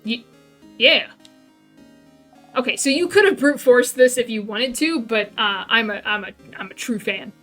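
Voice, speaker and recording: A woman's voice: on the high side, unhurried, long pauses, a bit bright, soft background music. A woman streamer reading and narrating a game, with casual, chatty commentary and laughing asides.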